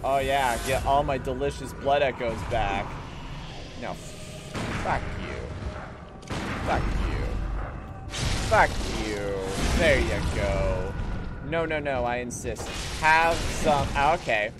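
A man streaming a video game live, swearing and shouting at the enemies as he plays. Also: medium pitch, slow pace, pauses often. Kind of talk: live gameplay commentary. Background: game music.

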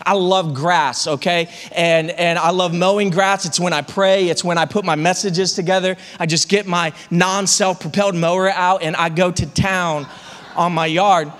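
A male pastor preaching a sermon as an animated comic story, often repeating words as he gets going. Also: high voice, moderate pace, big-room sound. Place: church sanctuary.

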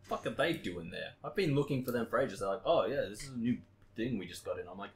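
In a casual podcast chat, a male co-host tells work stories, swearing a lot and acting out his old workmates in quotes. His voice is medium-pitched and animated, and he talks quickly.

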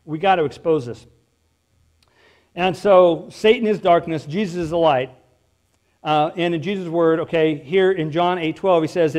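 A man's voice: a little high, normal speed, a little mellow. A male pastor preaching a sermon in a conversational, emphatic way, throwing out rhetorical questions.

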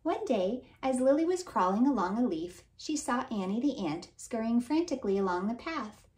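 A woman's voice: a little high, expressive, normal speed, darkish tone. Woman reading a children's story aloud. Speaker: children's author and librarian.

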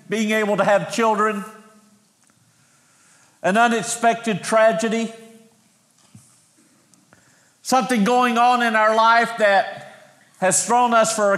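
High-voiced male preacher in echoey church. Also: a bit bright. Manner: storytelling, slows for emphasis. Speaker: pastor. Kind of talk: sermon. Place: church sanctuary.

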